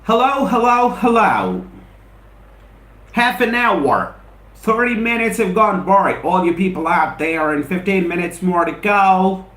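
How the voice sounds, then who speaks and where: His voice sits high, a little slow and a bit bright, with a reverberant sound. Running a live spoken English lesson with an Indian English accent, he greets viewers by name and repeats his points in an emphatic, motivational way.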